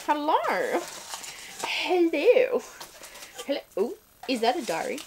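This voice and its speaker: A woman reviewing a subscription book box, excitedly unboxing and gushing over each item in casual chat. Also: on the high side, unhurried, long pauses, noisy background.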